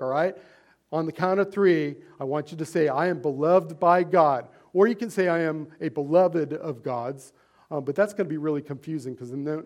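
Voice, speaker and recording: High-pitched guy preaching, chatty and earnest, lots of ums and questions to the crowd. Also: a little mellow. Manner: earnest, conversational preaching with fillers and rhetorical questions. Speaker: pastor. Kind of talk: sermon.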